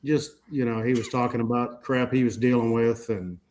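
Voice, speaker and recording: A man's voice: mid-range voice, fairly even intonation, normal speed, darkish tone. A man in his fifties hosting a casual group podcast chat. He tells a personal story in a rambling way, with many restarts, fillers and casual swearing. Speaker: podcast host.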